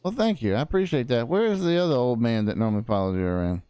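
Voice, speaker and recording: A man's voice: medium pitch, very animated, quick pace, dark tone, clear, resonant tone, no room sound. A man roleplaying a cranky old frontier prosecutor, rambling in a folksy way with lots of fillers. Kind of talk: in-character roleplay chat.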